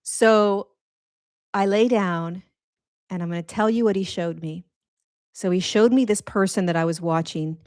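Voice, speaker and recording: Middle-aged woman, spiritual teacher rambling earnestly, lowish voice, lots of restarts and fillers. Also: measured pace, pauses often, darkish tone, no echo, clean studio sound. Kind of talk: casual spiritual talk to followers.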